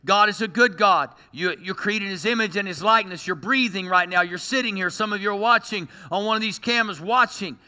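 A man preaching a sermon to a church congregation, animated and full of joking asides. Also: high voice, a little fast, few pauses, clean tone, long reverb tail. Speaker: pastor.

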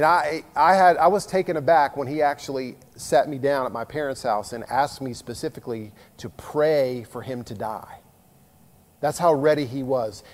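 A middle-aged man preaching a sermon as a pastor, earnest and conversational, moving between loud emphasis and hushed asides. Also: a little high. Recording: long reverb of a large hall.

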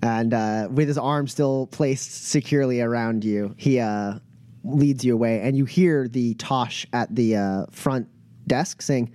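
A male game master narrates a tabletop game, halting and full of filler sounds. His tone is dark and mellow. The recording is close and dry. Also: medium pitch, no echo.

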